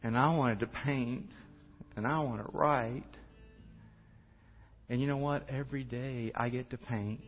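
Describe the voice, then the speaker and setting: A man's voice: medium pitch, fairly even intonation, a little slow, long pauses, soft background music. A man giving an earnest, conversational church testimony that closes in prayer. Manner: earnest, conversational, laughs at himself. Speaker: church speaker sharing testimony. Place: church hall. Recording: muffled audio with long hall reverb.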